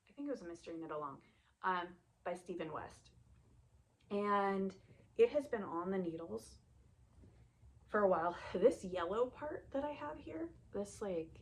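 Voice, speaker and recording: A woman hosting a knitting vlog, chatting casually and rambling, often trailing off into soft asides. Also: medium pitch, animated, normal speed. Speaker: knitting podcast host.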